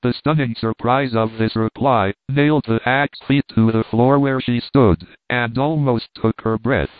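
A man narrating a classic novel in a measured, even way. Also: medium pitch, no echo. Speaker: audiobook narrator. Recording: tinny phone-like sound, dry.

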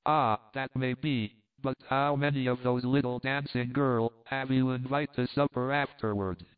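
A man's voice: medium pitch, fairly even intonation, normal speed, smooth, lightly acted. A man reading aloud, voicing a flirtatious foreign countess who speaks broken English with a foreign lilt, heard through a tinny phone-like sound. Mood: teasing.

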